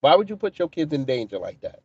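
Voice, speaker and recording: A man's voice: fairly high pitch, very animated, quick pace, husky, dry recording, muffled recording. A man hosting a casual livestream, talking in a profane, mocking way and answering his chat. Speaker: livestream commentary host.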